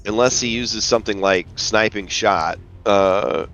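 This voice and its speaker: A man's voice: fairly low pitch, fairly even intonation, measured pace, fairly bright tone, muffled recording. A man narrating as game master of a tabletop game, rambling casually with lots of fillers.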